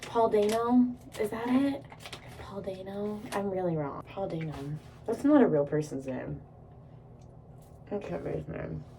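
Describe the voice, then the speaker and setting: Young female vlogger, gravelly mellow voice, giggly swearing ramble, phone mic a bit off with faint room hum. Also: mid-range voice, measured pace, recorded from a distance. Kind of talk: casual vlog chat while doing makeup. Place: indoors at home.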